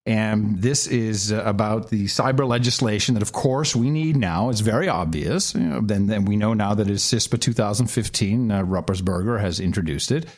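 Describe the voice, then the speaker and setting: A middle-aged man co-hosting a political podcast, mocking clips with sarcastic, animated remarks. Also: on the low side, moderate pace, hardly any pauses. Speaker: podcast co-host. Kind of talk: casual political commentary.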